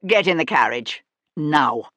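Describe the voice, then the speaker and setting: Woman narrator doing a cold, controlled young nobleman; clipped, low, commanding, storybook. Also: expressive, unhurried, sharp tone, no room sound, exaggerated voice.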